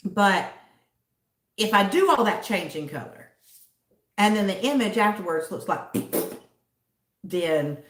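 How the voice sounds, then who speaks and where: Woman livestream host, casual rambling chat, lowish voice, sits back from the mic in an echoey room. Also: a bit bright. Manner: rambling, chatty, answers viewers by name. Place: home in a city. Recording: roomy echo, distant from the mic.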